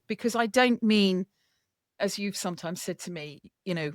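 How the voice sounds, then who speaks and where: A woman author being interviewed, talking in a lively, chatty storytelling way. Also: medium pitch, moderate pace, dry recording, studio quality. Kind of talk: casual chat.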